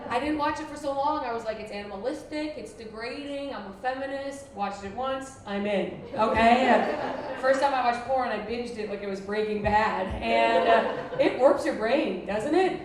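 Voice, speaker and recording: A woman's voice: fairly high pitch, moderate pace. Brash crude woman comic in an echoey hall. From Buffalo, New York. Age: 30s. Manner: brash, crude, self-mocking punchlines. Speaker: stand-up comedian. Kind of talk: stand-up comedy set. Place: former library used as a venue, live audience. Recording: echoey distant room mic with noise. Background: audience laughter.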